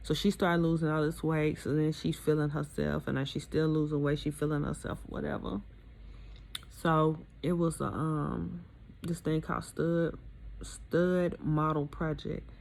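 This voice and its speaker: A woman's voice: sits low, level tone, a little slow, creaky, a little mellow, a little hiss or hum. A woman candidly telling her own divorce story in casual, aggrieved storytelling. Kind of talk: emotional personal storytelling.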